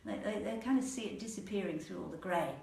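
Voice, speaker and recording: A woman storyteller telling a folk tale aloud in a playful, animated manner, repeating words for rhythm. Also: medium pitch, fast talker, creaky. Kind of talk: oral storytelling. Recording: echoey room, mic at a distance.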